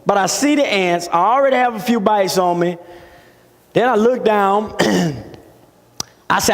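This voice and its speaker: A man preaching a sermon in a dramatic style, with his voice rising to shouts at the peaks. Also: high-pitched, unhurried, pauses often. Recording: long reverb of a large hall.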